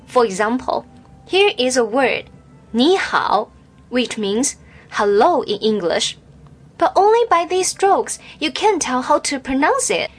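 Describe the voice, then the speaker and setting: Slow, careful woman teacher. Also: high-pitched, very animated. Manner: slow, careful, demonstrating each tone clearly. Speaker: Chinese language teacher. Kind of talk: scripted lesson narration.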